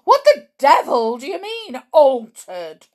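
A woman voicing a bad-tempered, blustering father with a moustache who shouts in a storybook reading. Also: medium pitch, big pitch swings, unhurried.

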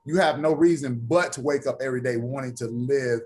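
A man's voice: mid-range voice, fairly quick. A man, an actor and author, talking as a guest in a casual interview and telling stories with energy. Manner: animated storyteller, acts out quoted voices.

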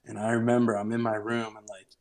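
A young man co-hosting a podcast, telling a story in casual chat, animated and swearing freely. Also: lowish voice, fast, a little hiss or hum. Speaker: podcast co-host.

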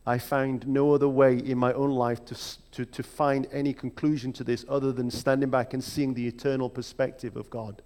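A man preaching a sermon in a reflective, measured way, with emphatic rhetorical questions. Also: medium pitch, level tone, darkish tone. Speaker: pastor. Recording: long hall reverb.

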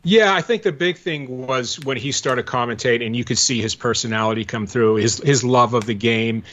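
Speaking at a moderate pace in a slightly bright, medium-pitched voice, this older Pittsburgh-area man is a podcast guest. He wanders through old memories in easygoing chat, a reminiscing and rambling storyteller, captured in dull lo-fi sound.

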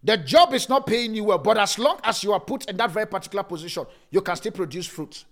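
A male pastor with a high voice preaches a sermon. He repeats key phrases for emphasis. He moves between loud, emphatic preaching and soft, laughing asides. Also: animated, fast, vocal fry.

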